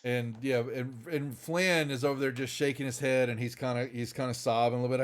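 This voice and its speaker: A man's voice: medium pitch, steady tone, a little fast, few pauses. A man running a tabletop game on a live stream, rambling and restarting as he talks. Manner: rambling, restarts often, greets viewers. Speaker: game master.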